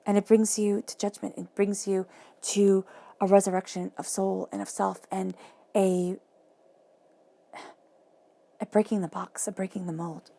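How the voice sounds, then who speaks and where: A woman giving a monthly tarot reading, talking softly and reflectively and repeating phrases for emphasis. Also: mid-range voice, level tone, measured pace, gravelly, long pauses. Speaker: tarot reader.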